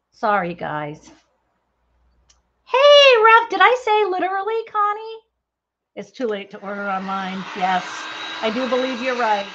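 A woman's voice: a little high, a bit bright, dull audio, slight background noise. A woman hosting a crafting livestream, chatting casually with viewers in a bubbly, chatty way and laughing often. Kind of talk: casual chat with live viewers.

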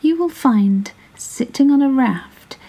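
A crafty little male fish from a bedtime storybook, polite and sly, speaks in a small, lifted voice, as a woman narrator puts him on. The tone is husky and mellow, and each word is coaxing and persuasive. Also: high-pitched, animated, slow pace, voice pushed up, heavily acted, poor audio.

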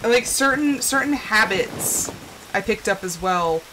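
A woman's voice: medium pitch, lively intonation, measured pace, background noise. A woman from the Southwest, chatting casually while playing a game and talking to herself between fillers. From Southwestern United States. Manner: rambling, chatty, talks to herself, many fillers. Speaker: streamer. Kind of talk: casual gameplay chat.

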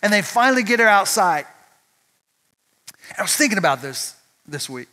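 A man's voice: sits high, sing-song, normal speed, bright, forceful tone. A male pastor giving a conversational sermon at church, often asking the audience rhetorical questions.

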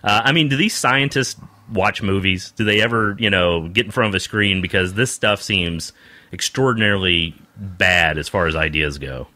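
A man's voice: low-pitched, normal speed, no echo. A man hosting a podcast, chatting casually and cracking jokes about the news. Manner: playful, wisecracking, lively. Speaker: podcast host. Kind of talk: casual joking news chat.

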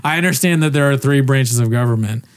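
A man's voice: mid-range voice, fast talker. A man co-hosting a comedy podcast, riffing crudely and rambling in a mock-serious way. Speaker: podcast co-host. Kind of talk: casual comedy chat.

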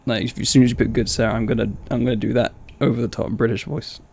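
A man's voice: mid-range voice, fairly even intonation, quick pace, vocal fry, a little mellow, a little hiss or hum. A young adult man streaming a game live, chatting playfully with his viewers and laughing often. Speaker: gaming streamer. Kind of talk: casual live-stream commentary.

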